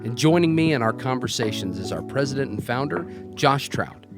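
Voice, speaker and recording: Male podcast host, scripted intro read, even announcer delivery, mid-pitched voice, clear guitar music playing behind him. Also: brisk. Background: plucked guitar music.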